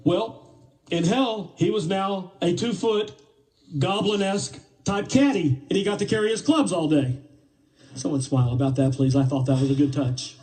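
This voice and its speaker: A man telling a parable live, animated and playful, with asides to his listeners. His voice is mellow and fairly high. He stands well back from the mic. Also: normal speed, far from the mic, rough recording. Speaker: storyteller.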